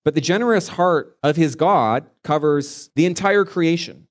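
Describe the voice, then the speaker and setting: A man's voice: on the high side, lively intonation, a little slow. A man preaching a sermon as a pastor, retelling a scripture story earnestly and stretching key words for emphasis.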